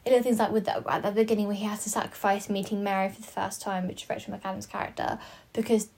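A woman's voice: medium pitch, level tone, fast, gravelly, a little mellow. A woman in casual conversation about a film, thoughtful and searching for words.

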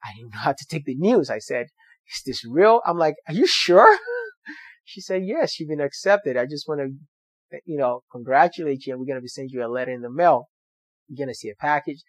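Man, motivational storyteller, earnest and emphatic, mid-pitched voice, dry close sound. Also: fast talker, dry recording. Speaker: doctor sharing his story. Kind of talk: personal storytelling to viewers.

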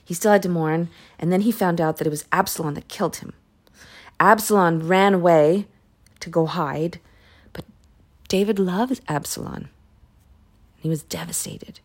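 A woman casually retelling a Bible story, chatty and animated, with asides. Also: on the low side, normal speed, long pauses. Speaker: podcast host reading the Bible. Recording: voice message recording.

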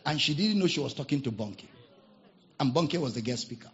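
A male pastor preaching a sermon, telling stories dramatically and swinging from shouts to hushed tones. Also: medium pitch, lively intonation, brisk. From Nigeria. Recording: dull lo-fi sermon recording.

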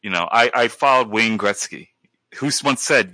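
A man's voice: mid-range voice, normal speed, sharp tone, no echo. A man chatting casually on a gaming panel, rambling and sarcastic with a mock-grumpy edge. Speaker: podcast panelist. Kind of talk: casual chat.

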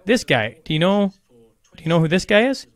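A man's voice: high voice, sing-song, a little fast, no room sound. A man hosting an interview podcast, talking casually and rambling, joking at his own expense and calling listeners folks. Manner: rambling, self-deprecating, addresses listeners as folks. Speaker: podcast host.

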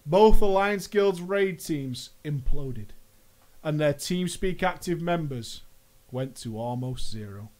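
A man's voice: high-pitched, a bit bright. A young American man with an American accent telling a gaming story in a casual, joking monologue with mock-dramatic asides. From United States. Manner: playful, jokey asides, drawn-out mock-dramatic phrases. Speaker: gaming vlogger.

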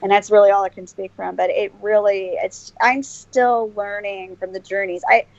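A woman's voice: medium pitch, fairly even intonation, moderate pace. A woman guest in a casual interview, talking earnestly and rambling with many restarts and fillers. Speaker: podcast guest. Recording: dull lo-fi dry sound.

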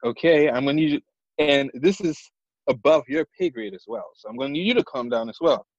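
A man role-playing a firm, officious agent at a tabletop game. His husky voice swings up and down, heard through a dull, dry, lo-fi mic. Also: a little high, animated, a little fast, no echo. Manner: stern, officious, repeats "ma'am". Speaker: player. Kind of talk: in-character tabletop role-play.

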